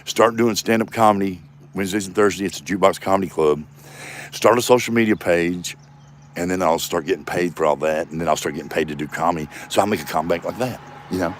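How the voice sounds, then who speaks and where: Passing traffic hums behind a man in his fifties filming a solo vlog in his front yard. The comedian talks fast in a deep voice, rambling, swearing, and making fun of himself.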